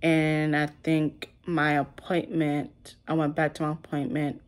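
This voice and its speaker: A woman's voice: deep voice, level tone, a little slow. A young woman telling a personal story to camera in a casual, emotional, rambling way, full of "like" fillers. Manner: emotional, rambling, heavy use of "like". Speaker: vlogger.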